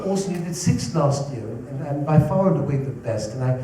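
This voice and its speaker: A man's voice: medium pitch, expressive, a little fast, close to an everyday voice. Man doing a pompous old director. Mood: exasperated. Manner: haughty, scornful, exasperated. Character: pompous aging male film director, irritable. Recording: echoey room from a distant mic, noisy.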